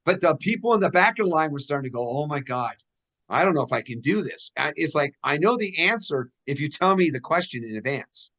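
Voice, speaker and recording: A man's voice: on the high side, brisk. A man hosting a casual interview, telling stories with lots of laughter and acted-out dialogue. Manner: animated, laughs often, acts out dialogue. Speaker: host.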